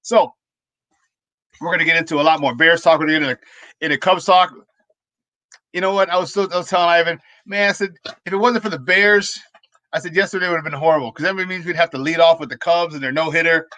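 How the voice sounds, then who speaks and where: Bright-voiced sports talk host. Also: male voice, on the high side, fast, no room sound. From Chicago. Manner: rambling, animated anecdotes with restarts. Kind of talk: casual sports talk storytelling.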